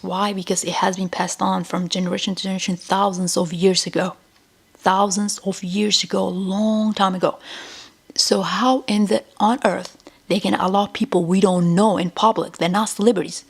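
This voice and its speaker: A woman's voice: medium pitch, vocal fry, breathy edge. A woman in a rambling vlog monologue, repeating emphatic warnings to her viewers. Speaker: vlogger. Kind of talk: rambling direct-to-camera monologue.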